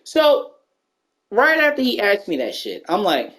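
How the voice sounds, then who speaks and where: A woman's voice: mid-range voice, wildly swooping pitch, moderate pace, a bit bright. A woman telling a personal story to camera as a heated rant, repeating herself, stammering and swearing when worked up. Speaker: storyteller vlogger.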